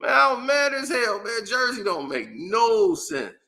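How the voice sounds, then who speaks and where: A man's voice: extremely high pitch, big pitch swings, a little slow, creaky, pushed and bright. A man hosting his own commentary channel, ranting in a casual, exasperated way with slang and frequent laughs. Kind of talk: casual opinion rant.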